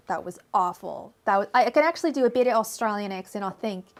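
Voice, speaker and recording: A woman's voice: medium pitch, fast talker. Chatty woman doing live tarot readings. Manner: chatty, laughs often, repeats invocations in a steady chant. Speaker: tarot reader.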